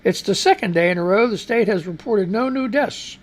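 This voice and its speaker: A man's voice: high-pitched, fairly quick. A man hosting a live radio news show, rambling and reading listener comments with profane asides and an American accent. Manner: rambling, profane, exclaiming and laughing.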